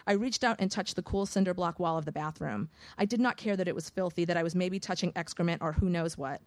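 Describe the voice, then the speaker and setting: A woman reading a first-person audiobook in a measured, vivid storytelling manner. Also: lowish voice, no room sound. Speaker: audiobook narrator.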